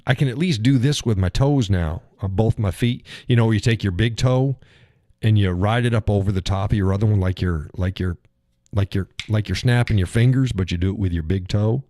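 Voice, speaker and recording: A man's voice: lowish voice, fairly quick, dark tone, dry recording, studio quality. A man hosting a live stream, rambling through a chat while recovering from a leg injury, swearing and chuckling as he tells stories. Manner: rambling, profane storytelling with chuckles. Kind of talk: casual chat reading viewer comments.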